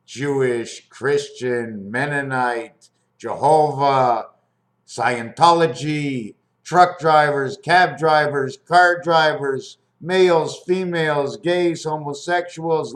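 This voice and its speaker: Man, rambling free-association monologue, slightly high voice, wandering and musing, asks questions. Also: slow pace. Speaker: video maker explaining his designs. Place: at home near his fridge, indoors.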